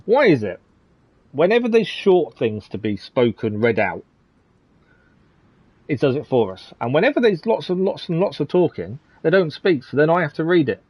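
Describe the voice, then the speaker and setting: A man's voice: on the high side, very animated, normal speed, husky, dry recording, highs cut off. A man commentating casually on a live game stream, chatty and chuckling often as he answers his chat.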